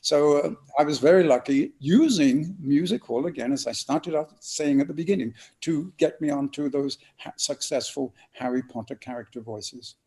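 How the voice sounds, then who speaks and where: A man's voice: fairly high pitch, normal speed, hardly any pauses. An older man from England, telling stories expressively as a guest in an interview. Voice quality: lively, expressive storyteller's delivery. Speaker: guest actor. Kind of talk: storytelling interview answers.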